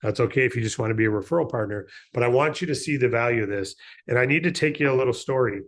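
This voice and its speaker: Energetic man giving a motivational pitch. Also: rapid-fire. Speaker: business trainer. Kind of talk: motivational training talk with a fable.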